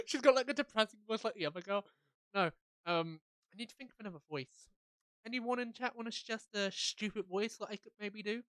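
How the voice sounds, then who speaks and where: A woman's voice: medium pitch, brisk, fairly bright tone, no echo. A woman, streaming a game and chatting jokily while reading its lines aloud. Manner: chatty, jokey, reads lines in voices. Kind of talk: let's play commentary reading game dialogue.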